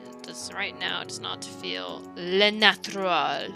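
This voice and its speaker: Woman streamer, casual let's-play commentary, gravelly fry, playful and wry, game music under her. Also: lowish voice, monotone, measured pace. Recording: game music loud behind voice.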